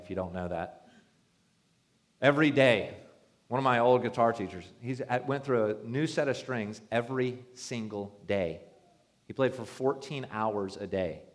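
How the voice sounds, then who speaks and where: Joking conversational male pastor. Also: lowish voice. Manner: conversational, joking, acts out quoted voices. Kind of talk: sermon.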